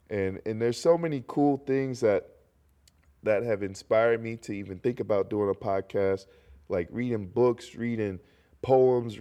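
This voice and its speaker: A young man from North Carolina hosting his own solo podcast, talking in a rambling, jokey way while congested. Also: lowish voice. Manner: rambling, animated, jokey asides. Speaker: podcast host. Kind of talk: casual solo podcast monologue.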